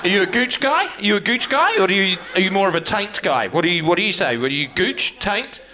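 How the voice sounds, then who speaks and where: A middle-aged New Zealander with a New Zealand accent does a brash, sweary stand-up set on a comedy club stage, with loud crowd work. He talks fast in a high-pitched, sing-song voice over background noise.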